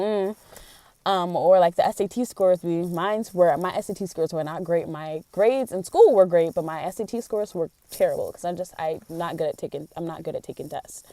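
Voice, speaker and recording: A young woman speaks in a casual vlog, venting her frustrations openly and earnestly. Her voice is mellow and warm, and the recording sounds dry and close. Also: mid-range voice, dry recording. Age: young adult. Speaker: college theater student.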